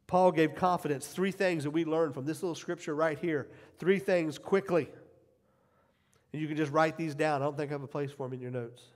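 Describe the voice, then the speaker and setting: A man's voice: on the high side, a little fast. Emphatic middle-aged male pastor, echoing hall. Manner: emphatic, repeats key phrases, swings from quiet asides to loud cheering. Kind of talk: sermon. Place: church sanctuary. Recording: long hall reverb.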